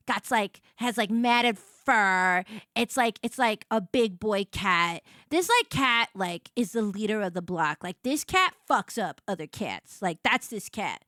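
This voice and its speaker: A woman streamer chatting casually to her viewers, bubbly and excitable, rambling with lots of "like"s and squealing over cute things. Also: fairly high pitch, no room sound, studio quality. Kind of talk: casual live-stream chat.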